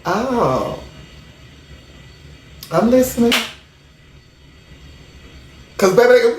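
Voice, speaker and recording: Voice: mid-range voice, lively intonation, a little slow, roomy sound, a little hiss or hum. A livestream host chatting casually to viewers in a sassy, emphatic way, repeating phrases for effect. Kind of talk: casual live commentary to viewers.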